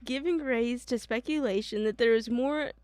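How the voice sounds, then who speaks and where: A woman's voice: fairly high pitch, normal speed, a little mellow, no echo. A young woman co-hosting a casual podcast, reading history notes, giggly and stumbling over names. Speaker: podcast co-host.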